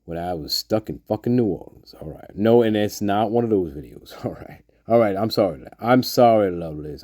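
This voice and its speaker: A man's voice: lowish voice, mellow, no echo, clean studio sound. A man hosting his own channel in a casual, rambling vlog, joking around and laughing often. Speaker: channel host.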